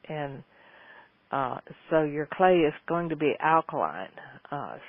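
Male host, folksy and rambling, slightly high voice, dry and phone-thin sound. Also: no echo. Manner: folksy, rambling, with frequent restarts. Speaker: host answering listener questions. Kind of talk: casual gardening advice talk. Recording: tinny phone-like line, dry.

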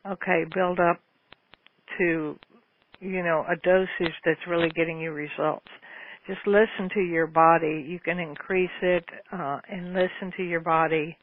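A woman's voice: fairly low pitch, fairly even intonation, measured pace. A woman hosting a call-in advice show, talking in a homey, folksy, meandering way. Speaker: radio show host answering listener questions. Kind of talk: casual call-in advice talk. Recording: phone-like lo-fi radio with faint noise.

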